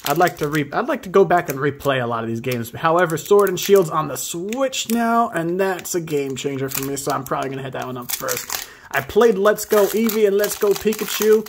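A man hosting a casual pack-opening video, excitably reading card names aloud and hyping himself up. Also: fairly high pitch, a little fast, a little hiss or hum. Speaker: host opening card packs.

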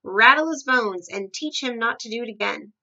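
A woman voicing an excited female giraffe who loudly cheers her friend on. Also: a little high, moderate pace, far from the mic, highs cut off. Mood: cheering. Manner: loud cheering cries.

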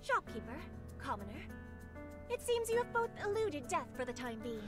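A woman's voice: high-pitched, big pitch swings, moderate pace, loud music behind the voice. A woman voicing a haughty, spoiled young noblewoman who speaks in a commanding, archaic formal way in a visual novel. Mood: imperious.

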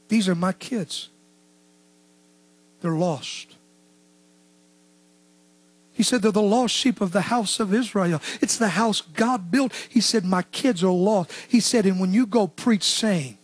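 A man preaching a sermon as pastor, swinging between shouted lines and hushed, low asides. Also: husky, no room sound.

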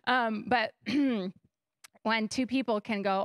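A woman's voice: medium pitch, measured pace, clear, resonant tone, dry recording, clean studio sound. A young woman pastor giving a conversational sermon in a church, telling stories animatedly and acting out her own thoughts. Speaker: guest pastor. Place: church stage.

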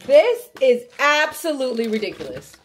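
Blunt, playful mom vlogger, lively voice. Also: female voice, sits high, moderate pace, slight background noise. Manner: blunt, playful, swears freely. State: strained voice from yelling. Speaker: mother and vlogger. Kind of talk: casual home vlog chat. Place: home bedroom.

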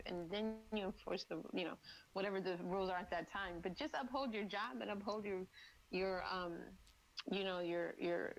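Interview guest, female, blunt and profane, animated storyteller who acts out dialogue. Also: medium pitch, poor audio. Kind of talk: casual interview chat. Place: lives in Miami.

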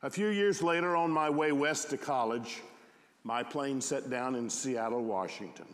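A man reads a first-person story aloud at a concert. His delivery is unhurried and reflective, at a medium pitch. A long hall echo follows each phrase. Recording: echoey hall.

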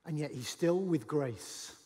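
A man preaches with a somewhat high voice, animated and dramatic, now and then breaking into a shout. His words ring through the long reverb of a large church auditorium. He acts out the dialogue of the stories he tells. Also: unhurried. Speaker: pastor. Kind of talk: sermon.

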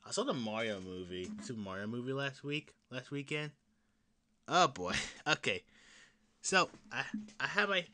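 A young man hosting his own podcast, chatting casually in a rambling, laughing way, with frequent restarts and swearing, jumping between loud excited bursts and low mutters. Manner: excited fan talk that drops to mutters and whispers. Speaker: podcast host. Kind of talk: casual solo podcast chat.

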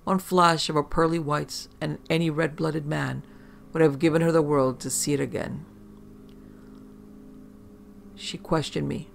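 A man's voice: on the high side, level tone, moderate pace, gravelly, a little hiss or hum. A man narrating a first-person horror story in a wry, conversational way, with profane asides.

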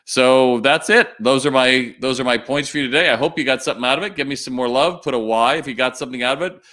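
A middle-aged man hosting a live question-and-answer stream, giving blunt, animated retail advice. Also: medium pitch, quick pace.

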